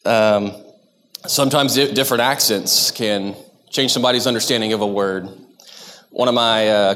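A man's voice: on the low side, fairly bright tone, in a large hall. A man from Texas, giving a sermon to his church in a conversational, self-deprecating way, often stopping and restarting his sentences. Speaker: lay preacher. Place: church sanctuary.

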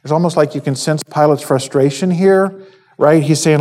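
A man giving a conversational sermon, halting with fillers and restarts, acting out quoted lines. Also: a little high, dark tone. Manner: acts out quoted speech. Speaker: preacher.

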